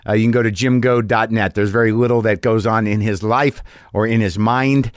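Casting note: middle-aged male host, low voice, dry close sound, rambling and profane, mocking himself. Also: fairly even intonation, fairly quick, no echo. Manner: profane, rambling, self-deprecating. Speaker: podcast host. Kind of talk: casual monologue.

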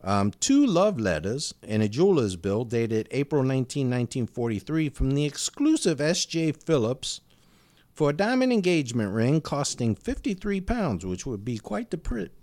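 A man's voice: mid-range voice, moderate pace. A man co-hosting a casual chat, joking and telling stories with lots of movement in his voice. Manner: joking, animated storyteller. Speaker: podcast co-host.

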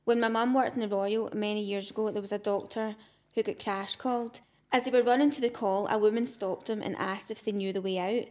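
A woman's voice: mid-range voice, steady tone, brisk, darkish tone. A young woman co-hosting a podcast, chatty and conversational, often tagging sentences with "right?". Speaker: podcast co-host. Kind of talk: casual chat, reading listener stories.

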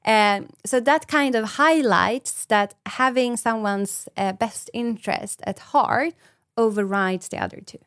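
A woman's voice: fairly high pitch, unhurried, a bit bright, clear, resonant tone, no echo, studio quality. A woman, a brain specialist explaining ideas in a podcast interview and acting out little example dialogues.

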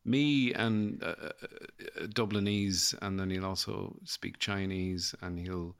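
A man's voice: sits low, steady tone, takes it slowly, creaky, clear, resonant tone. An Irish man in his thirties hosting a comedy podcast, rambling and self-mocking in casual chat. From Ireland.

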